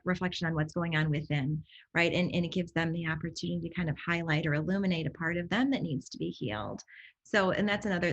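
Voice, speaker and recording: A woman's voice: fairly low pitch, lo-fi sound. A woman hosting a podcast interview, speaking in an affirming, emphatic way and checking in with tag questions. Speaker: podcast host. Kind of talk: conversational interview.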